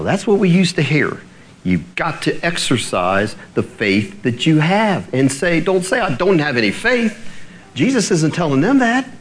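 A man's voice: a little high, slight background noise. A man, a pastor, preaching a sermon and voicing the disciples' thoughts aloud.

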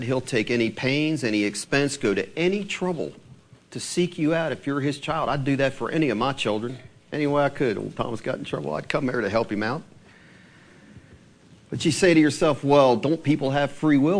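A man preaching a sermon, reading scripture aloud and stressing phrases slowly and emphatically. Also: medium pitch. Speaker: pastor.

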